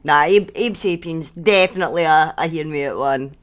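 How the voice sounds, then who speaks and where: A woman's voice: sits low, moderate pace. Northern English woman co-host, easygoing banter, talks into a headset. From Northern England. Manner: relaxed, joking, says "aye". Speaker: podcast co-host. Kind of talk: casual chat.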